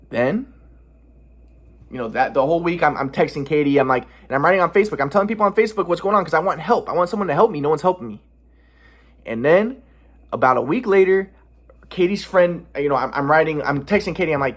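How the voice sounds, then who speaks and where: A man's voice: fairly high pitch, animated, fast talker, fairly bright tone. Agitated man rambling through a story. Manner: rambling, many restarts and repetitions; agitated, defensive. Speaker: vlogger. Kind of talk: casual personal storytelling.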